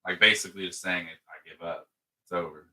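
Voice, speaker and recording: A man co-hosting a casual podcast, excitedly recapping a film scene by scene, swearing freely and acting out the characters' lines. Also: deep voice, brisk. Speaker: podcast co-host.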